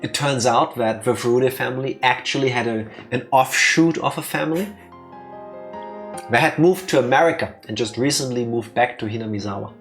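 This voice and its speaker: A man's voice: medium pitch, moderate pace, a bit bright, soft background music. A man co-hosting a let's play in casual, playful chat, teasing his partner.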